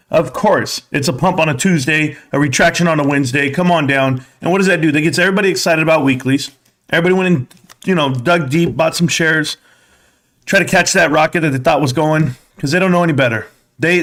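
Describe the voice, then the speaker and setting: A man's voice: a little high, fairly bright tone. A man hosting a casual livestream, rambling and asking rhetorical questions. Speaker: host.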